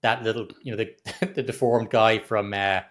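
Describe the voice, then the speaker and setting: A man's voice: fairly low pitch, fairly even intonation, normal speed. A middle-aged man co-hosting a podcast, chatting casually about a film, laughing and restarting his sentences. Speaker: podcast co-host. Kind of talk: casual film review chat.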